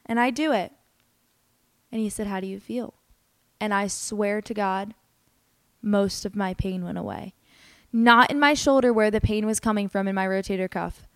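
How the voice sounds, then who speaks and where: A woman's voice: mid-range voice, normal speed, pauses often, dry recording. Young woman podcast host, earnest and candid, dry close-miked sound. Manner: earnest, candid and emotional, with many "like" fillers. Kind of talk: personal storytelling monologue.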